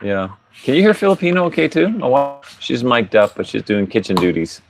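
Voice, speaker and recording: A man's voice: medium pitch, sing-song, fairly quick, gravelly, slight background noise. A man hosting a casual livestream podcast outdoors, rambling and chuckling often as he talks. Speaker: podcast host. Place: outdoors at a tiny home under construction, pigs nearby.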